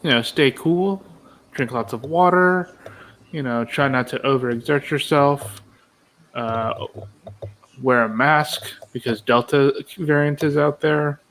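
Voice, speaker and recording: A male co-host chatting casually on a podcast. He speaks haltingly, leaning on fillers, over a faint background hum. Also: mid-range voice, fairly bright tone. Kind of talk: casual chat.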